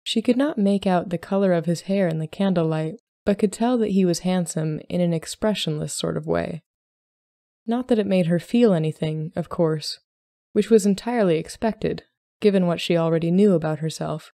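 A woman podcast host narrating a short story in a calm, measured way. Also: fairly low pitch, dry recording, clean studio sound. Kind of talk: scripted narration.

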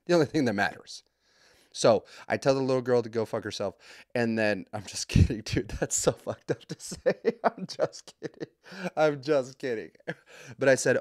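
A man's voice: medium pitch, measured pace, no echo, studio quality. A man in his thirties hosting a podcast, telling stories in a loose, profane, self-mocking chat. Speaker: podcast host. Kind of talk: casual solo podcast monologue.

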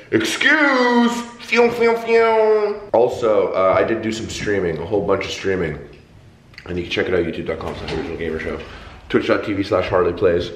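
A man's voice: fairly low pitch, echoey room. A man vlogging in a loose, joking way, swearing casually as he chats to the camera. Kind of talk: casual vlog chat.

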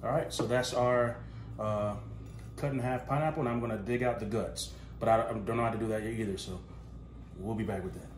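A joking, easygoing man with a drawl chats his way through a recipe at home. His voice sits fairly low, with a pan sizzling loudly behind him. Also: fairly even intonation, fairly quick, background noise. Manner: jokey, laid-back, talks straight to viewers. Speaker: cooking vlog host. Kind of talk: casual cooking demo chat. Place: home kitchen.

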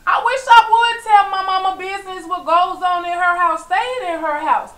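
High bright-voiced woman venting. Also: normal speed, roomy sound, low-quality recording. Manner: frustrated, preachy, asks "you know what I'm saying?"; swings from low weary murmurs to loud emphatic outbursts. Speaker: vlogger. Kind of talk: impassioned personal vlog monologue.

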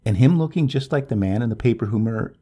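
A man voicing an anxious, gossipy middle-aged woman neighbor in a high falsetto, for a storybook reading. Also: huge pitch swings, normal speed, gravelly, dark tone, husky, full character voice. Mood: urgent.

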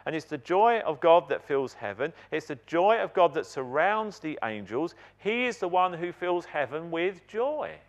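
A man preaching a sermon in a church, emphatic and animated, putting questions to the congregation. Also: fairly high pitch, moderate pace, few pauses.

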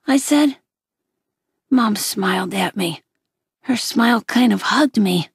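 A woman with a gravelly voice reading a story aloud in steady first-person narration. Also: medium pitch, unhurried, dry recording, clean studio sound. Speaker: audiobook reader.

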